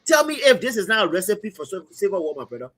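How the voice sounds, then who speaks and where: A man's voice: high voice, big pitch swings, fast, a bit bright. Passionate Liberian man commentating. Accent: Liberian English. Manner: emphatic, repetitive, addresses co-host as brother. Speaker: talk show host. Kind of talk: impassioned political commentary. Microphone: streaming setup.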